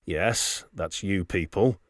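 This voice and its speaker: A man's voice: low-pitched, slow pace, no room sound, studio quality. A man doing a bored, sarcastic clerk. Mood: irritated. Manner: sarcastic, dismissive. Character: bored, irritable male immigration clerk.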